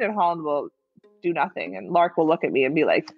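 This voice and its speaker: A woman in her thirties talks frankly and casually about her newborn and older kids. Her voice is somewhat low for a woman, and she laughs easily as she chats. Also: big pitch swings, a little fast, dull audio, faint music behind. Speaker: new mother sharing voice memos. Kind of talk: casual chat and phone voice memos.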